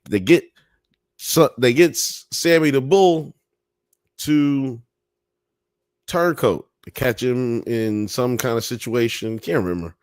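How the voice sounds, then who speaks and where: A man's voice: fairly low pitch, darkish tone. A young man talking unhurriedly in a loose, meandering way, cursing freely and using sound effects to explain things. He sounds like a casual livestream host at his desk mic, recorded dry and close with no room echo. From Alabama, US South.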